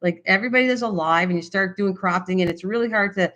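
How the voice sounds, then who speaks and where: At a medium pitch and a fast pace, this older Canadian craft channel host chats on a live stream about crafts. She is excitable and hyper, rambling along with frequent fillers and restarts.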